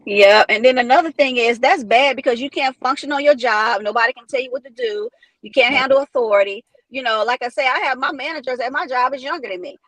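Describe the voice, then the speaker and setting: A woman's voice: high voice, fast, fairly bright tone, no room sound, low-quality recording. A middle-aged woman, a former cosmetologist, talking earnestly and steadily in a casual discussion, often with "you know".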